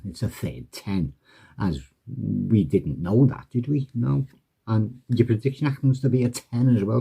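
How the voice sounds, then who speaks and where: A man's voice: fairly low pitch, vocal fry, warm tone, slightly rough, highs cut off. A man casually walking through a card trick tutorial, chatting and acting out the patter he'd say to a spectator.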